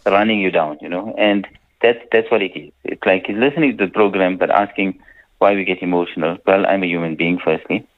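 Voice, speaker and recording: Stern scholar on radio. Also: male voice, low-pitched, a little fast. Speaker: Islamic scholar answering listener questions. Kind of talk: radio call-in talk. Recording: dull radio broadcast sound.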